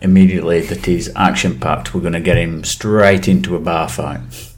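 A man's voice: low voice, steady tone, normal speed. A man co-hosting a podcast, laid-back and self-deprecating in casual chat. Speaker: podcast co-host.

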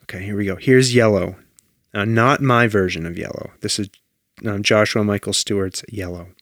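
A man's voice: lowish voice, steady tone, normal speed, fairly bright tone, no room sound, studio quality. A man co-hosting a podcast, chatting casually and teasing his co-host while he searches for a recording to play. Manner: easygoing and teasing, talks while fiddling with playback. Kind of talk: casual chat.

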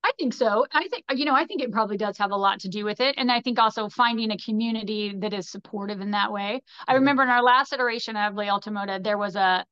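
A woman's voice: mid-range voice, quick pace, few pauses, a bit bright, clear, resonant tone, dry recording. A woman guest on a podcast, telling stories in a casual, rambling way full of "like" and "you know". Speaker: podcast guest, fashion designer. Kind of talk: casual conversational storytelling. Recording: dull, muffled sound.

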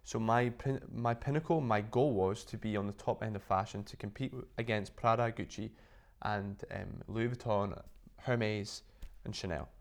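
A man with a low, grounded voice tells his story as an interview guest. He talks in a chatty, animated way, full of ums and quick restarts. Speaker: interview guest, business founder. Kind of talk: casual storytelling.

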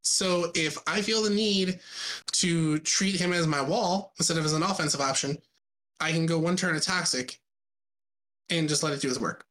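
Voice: mid-range voice, normal speed, fairly bright tone, a little hiss or hum. A podcast co-host in casual gaming chat, jokey and laughing often.

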